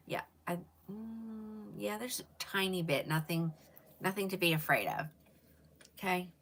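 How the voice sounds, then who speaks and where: A woman hosting a live wig sale, chatting casually and rambling to her viewers, with quick whispered asides. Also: fairly low pitch, bright, forceful tone. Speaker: live shopping host selling wigs. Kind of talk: casual live-stream sales chat.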